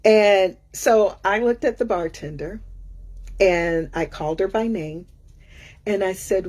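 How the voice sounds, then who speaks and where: Sassy, husky woman telling a story. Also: mid-range voice, slow. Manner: animated, sassy, acts out other people's lines. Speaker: career coach. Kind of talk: casual storytelling.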